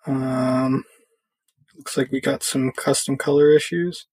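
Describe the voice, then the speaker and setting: A man giving a casual screen-recorded software tutorial, thinking aloud with fillers as he clicks through. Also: medium pitch, steady tone, takes it slowly, slightly rough, dry recording.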